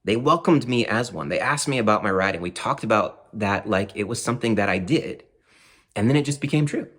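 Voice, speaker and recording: A man telling a personal story in a lively, conversational way with frequent asides. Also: lowish voice, fairly quick, husky.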